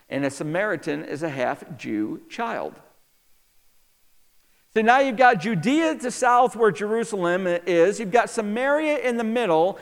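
A man's voice: sits high, big-room sound. A man preaching a sermon, asking the listeners question after question as he explains the land and its people. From New York. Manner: animated preacher, asks the crowd many questions. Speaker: pastor.

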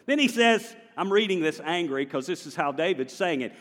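Male pastor, higher voice, lively conversational sermon, long church reverb. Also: moderate pace, few pauses. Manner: animated, conversational preaching with the congregation. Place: large church sanctuary.

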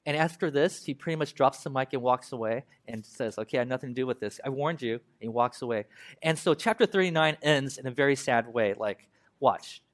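A young man preaching a conversational sermon, reading scripture slowly and then explaining it in everyday talk. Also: mid-range voice. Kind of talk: casual sermon teaching.

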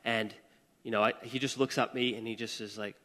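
A man's voice: on the low side, fairly even intonation, a little fast, pushed and bright, long reverb tail. A man preaching a conversational sermon to a church audience, chatty and casual, with asides and questions to the room. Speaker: pastor. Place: church service hall.

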